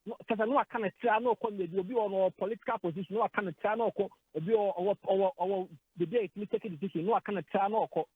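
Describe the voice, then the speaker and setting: A Ghanaian man speaks on a sports radio program in a dry studio. His husky voice sits high for a man. He stumbles, repeats himself and mixes Twi with English. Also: dry recording, phone-quality sound. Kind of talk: emotional radio sports discussion.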